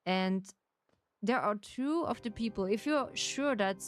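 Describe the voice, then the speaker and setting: Slow, playful German-accented woman. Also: mid-range voice, soft background music. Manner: playful and teasing, laughs often. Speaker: streamer. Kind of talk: casual chat with viewers.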